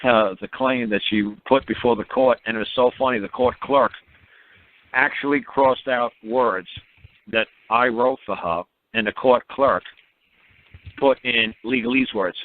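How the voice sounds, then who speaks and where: A man's voice: mid-range voice, measured pace. A man rambling through a story on a phone call, repeating words and acting out quotes. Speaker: speaker on a call-in teaching line. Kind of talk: rambling casual phone talk. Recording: tinny phone line.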